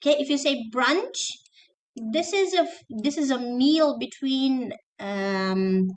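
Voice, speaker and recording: A woman's voice: high-pitched, lively intonation, takes it slowly, low-quality recording. Woman teacher giving an online lesson. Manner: explanatory, checks with "okay?", mixes in Arabic terms. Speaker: teacher trainer.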